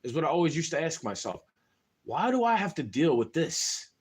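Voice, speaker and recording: A man's voice: fairly high pitch, very animated, a little fast, husky. A young man venting in a rambling, casual monologue to camera, frustrated and full of slang. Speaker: vlogger.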